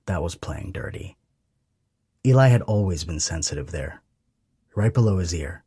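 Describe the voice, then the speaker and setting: Give me a man reading an audiobook softly and intimately, with a husky, deep voice. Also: no room sound, clean studio sound. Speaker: audiobook narrator. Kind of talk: scripted narration.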